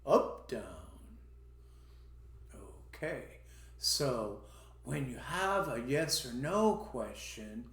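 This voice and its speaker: Slow, deliberate male teacher in an echoey room. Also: medium pitch, lively intonation, a bit bright. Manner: slow, deliberate, repeats example phrases to model intonation. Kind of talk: recorded online language lesson.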